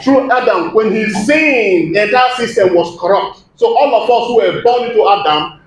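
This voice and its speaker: A man preaching a sermon as pastor, with emphatic delivery and questions put to the congregation. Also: high-pitched. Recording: echoey room with faint background hum.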